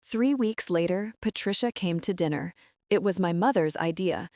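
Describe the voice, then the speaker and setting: A woman tells a first-person story in a lower register, with an even and measured delivery. The recording is close and dry, with no room sound. Her narration stays steady and scripted. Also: dry recording.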